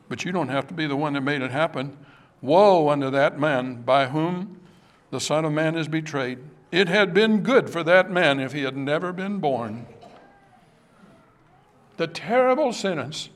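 A man preaching an evening sermon, impassioned and pleading, addressing his listeners directly and swinging from hushed to raised. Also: sits high.

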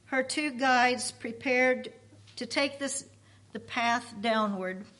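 A woman with a high voice reads a story aloud at a church service. She paraphrases as she goes, in an unhurried, earnest tone. Her delivery is slow and measured. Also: a bit bright. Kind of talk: reading a book aloud with paraphrase.

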